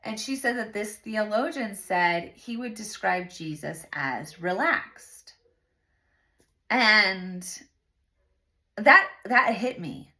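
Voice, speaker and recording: Gravelly-voiced woman hosting a chatty faith talk. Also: mid-range voice, expressive, takes it slowly, pushed and bright. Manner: chatty, many fillers, earnest. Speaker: host. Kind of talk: casual faith talk to camera.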